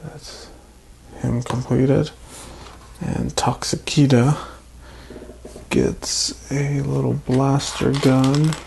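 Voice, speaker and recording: A man with a mid-range, gravelly voice narrates a toy build in an easygoing, explanatory way. He walks through each step calmly as he goes. A faint hiss sits under the recording. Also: medium pitch, very slow, pauses often. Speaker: toy reviewer. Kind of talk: casual unboxing narration.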